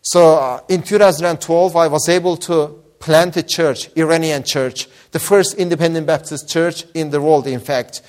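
Man, pastor, testimony sermon, fervent, earnest, slightly high voice. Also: fairly even intonation, moderate pace, hardly any pauses. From Iran. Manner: earnest, fervent, repeats words when stressing.

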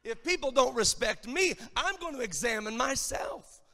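A man preaching a sermon, emphatic and rising to shouted lines. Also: very high voice, expressive, normal speed, big-room sound. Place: church.

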